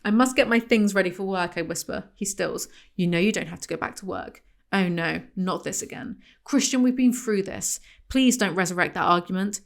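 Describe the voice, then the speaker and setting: A woman's voice: mid-range voice, fairly bright tone. A young woman reviewing a book for laughs, reading passages aloud and cutting in with sarcastic, mocking asides.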